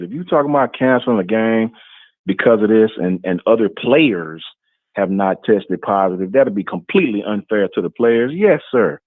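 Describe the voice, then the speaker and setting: A man's voice: fairly low pitch, lively intonation, normal speed, no room sound. A man calling in to a sports talk show, emphatic and insistent, repeating his points. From Huntsville area. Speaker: caller. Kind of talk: call-in radio talk. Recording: tinny phone line.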